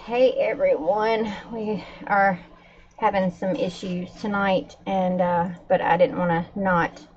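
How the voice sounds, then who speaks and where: A woman's voice: medium pitch, slow, muffled recording, a little hiss or hum. A woman livestreaming to her viewers in casual chat, a little out of breath and upset. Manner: upset, talking to viewers while calming pets.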